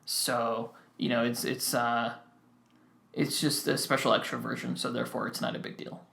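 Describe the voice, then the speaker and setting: A man's voice: medium pitch, little pitch movement, normal speed, gravelly, bright, forceful tone, reverberant. A young man co-hosting a podcast in casual chat, rambling with many restarts. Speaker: podcast co-host.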